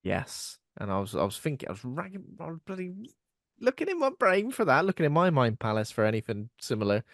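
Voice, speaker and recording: A man's voice: mid-range voice, wildly swooping pitch, fairly quick, fairly bright tone, dry recording. Rambling man, dry sound. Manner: rambling, self-mocking, laughs often. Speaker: podcast co-host. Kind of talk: casual chat.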